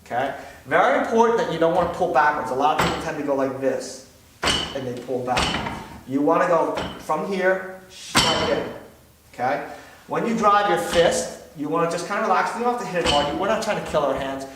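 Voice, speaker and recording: A man's voice: fairly high pitch, animated, moderate pace. A man instructing a martial arts drill, patient and explaining step by step, checking in with frequent questions. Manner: patient, repeats "okay?" often. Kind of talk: demonstration lesson. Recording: echoey room, distant from mic, noisy.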